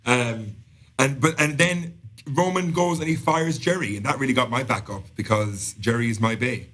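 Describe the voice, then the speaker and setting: A man's voice: mid-range voice, fairly bright tone. A man, co-hosting a casual podcast and recapping a show in a chatty, rambling way. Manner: chatty, rambling, quick asides. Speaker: podcast co-host.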